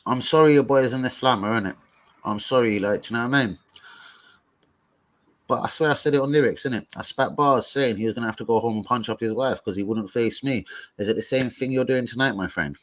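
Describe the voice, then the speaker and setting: A young man talks to his live-stream chat at a medium pitch, loose and unscripted. He swears freely, taunts trolls and greets regulars by name, all in street slang. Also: fast talker. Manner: profane, combative banter with chat trolls, slangy.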